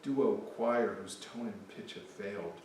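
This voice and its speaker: Man reading a stern, indignant Dutch figure, mid-pitched, very echoey and distant. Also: a little slow, darkish tone, slight background noise, lightly acted. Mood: scolding. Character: indignant Dutch citizen berating liars. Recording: echoey hall, mic from afar.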